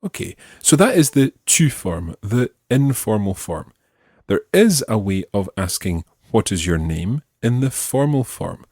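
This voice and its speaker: A man teaching an audio lesson, speaking slowly and deliberately and repeating phrases for learners. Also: on the low side, sing-song, darkish tone, husky, no room sound, studio quality. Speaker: language teacher.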